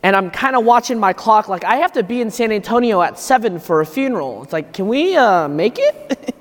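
A man's voice: sits high, sing-song, fairly quick. A man, a priest, giving a homily at Mass, telling a story in a loose, conversational way as if thinking aloud. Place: church. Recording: echoey church reverb.

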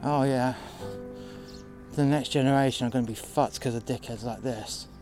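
A man's voice: medium pitch, fairly even intonation, normal speed, a little mellow. Fed-up guy ranting about a customer, swears a lot, music going behind. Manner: exasperated, sweary. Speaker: narrator telling a work story. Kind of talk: casual storytelling. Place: outdoors in the cold.

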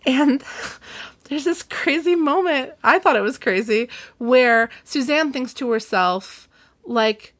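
A woman's voice: high-pitched, slow pace. A young woman casually recapping a book on a podcast, acting out the characters' lines as she goes. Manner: lively, acts out quotes in voices. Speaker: podcast co-host. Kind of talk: casual book discussion chat.

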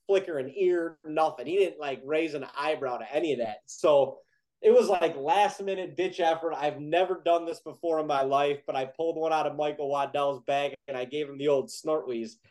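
A young man with a somewhat high-pitched voice recounts a story in a loose, chatty way. He is animated and excitable, and scatters "like" through his sentences. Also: normal speed, low-quality recording. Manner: animated, heavy use of "like", excited retelling. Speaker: podcast guest telling a hunting story. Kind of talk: casual storytelling.

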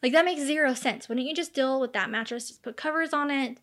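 A woman's voice: high-pitched, a little fast, fairly bright tone. A woman in her thirties casually recounting a true crime case, chatty and full of fillers, acting out the quoted lines. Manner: chatty, many fillers, acts out quoted dialogue.

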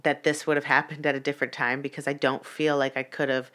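Low-voiced woman telling a heated story. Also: flat delivery, fast, a bit bright. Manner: profane, heated, many "like" fillers. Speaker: vlogger. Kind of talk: casual storytelling.

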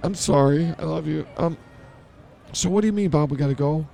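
A man's voice: a little high, a little fast, gravelly, warm tone. A man hosting a comedy podcast who blurts things out and mocks himself in improvised banter. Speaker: podcast host.

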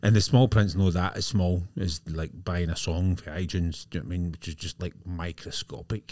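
Guy rambling on a podcast, kinda low voice, dead dry sound. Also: fairly even intonation, a little fast, darkish tone, dry recording. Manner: rambling, often adds "do you know what I mean". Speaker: podcast co-host. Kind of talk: casual chat.

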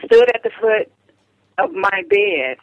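An older woman speaks as a phone-in guest, earnest and halting, often breaking off to restart a sentence. The line sounds dull and narrow, with a flat, dry quality and no room around her. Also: medium pitch, no echo. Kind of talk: phone-in radio interview. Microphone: telephone.

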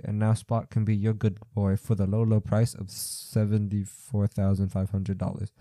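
Young guy podcast host, really dark mellow voice, dry close mic, rambling and incredulous, lots of um and like. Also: lowish voice, no room sound. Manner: rambling, incredulous, thinks aloud with many fillers. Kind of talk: casual commentary reading news stories aloud.

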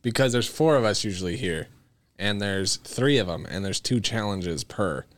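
A man's voice: lowish voice, lively intonation, moderate pace, no room sound. A man hosting a podcast, chatting casually and joking with his co-hosts, swearing freely. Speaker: podcast host. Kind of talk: casual chat.

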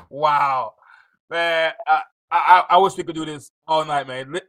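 An excitable male host runs a live interview show, laughing easily and talking straight to his viewers. His voice is bright and sits a little high. The sound is dry and close. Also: dry recording, low-quality recording. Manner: animated, excitable, laughs often.

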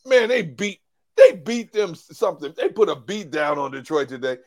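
A man talking as an analyst on a post-game show, animated, repeating words and acting out quotes from others. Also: on the high side, moderate pace. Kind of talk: casual sports talk.

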